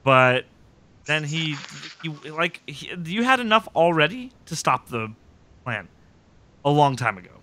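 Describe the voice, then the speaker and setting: A man hosting a podcast, recapping episodes in casual chat and acting out scenes in quick impressions. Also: a little high, sing-song, bright, forceful tone.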